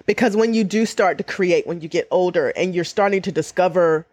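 A woman's voice: on the low side, brisk, a little mellow, husky, no echo. Middle-aged woman sharing personal reflections; earnest, emotional, close and dry. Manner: earnest, emotional, repeats phrases for emphasis. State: near tears. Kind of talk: reflective podcast conversation.

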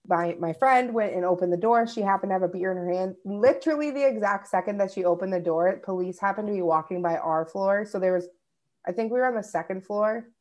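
A woman's voice: lowish voice, darkish tone. Chatty young woman from Minnesota. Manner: chatty storyteller, swears freely. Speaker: podcast co-host. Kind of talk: casual chat.

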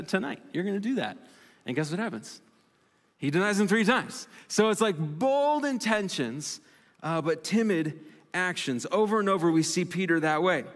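A male pastor delivering a sermon in a conversational, animated way, with self-deprecating asides. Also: fairly high pitch. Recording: long reverb of a large hall.

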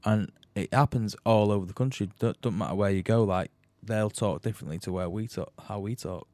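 A laid-back man, slangy and easygoing in casual chat. His voice is a little low. The sound is dry and close. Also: brisk, dark tone, no echo. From Manchester, England. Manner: easygoing, slangy, hesitant restarts.

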